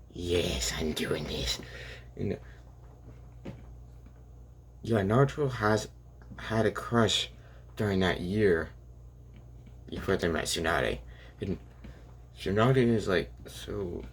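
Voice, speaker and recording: A young man narrates an improvised story in a casual, rambling way, stopping and restarting often and leaning on fillers. His voice sits low. A faint hiss runs underneath.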